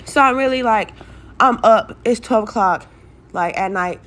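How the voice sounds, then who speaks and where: A woman's voice: medium pitch, moderate pace, fairly bright tone. Young woman, stressed, blunt and profane, telling a story-time straight to her viewers. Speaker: vlogger telling a personal story.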